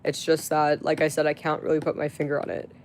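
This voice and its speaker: Casual live streamer at medium pitch, rambling with constant fillers and coarse swearing at chat. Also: monotone, quick pace, slight background noise. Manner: rambling, heavy with fillers and restarts; crude, profane outbursts at chat.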